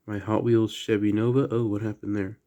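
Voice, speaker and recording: A man with a slight Southern accent, chatting quietly through a toy unboxing at home late at night, keeping his voice down. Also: fairly low pitch, little pitch movement, a little fast. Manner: soft, hushed indoor voice. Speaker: toy collector vlogger. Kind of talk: casual unboxing chat.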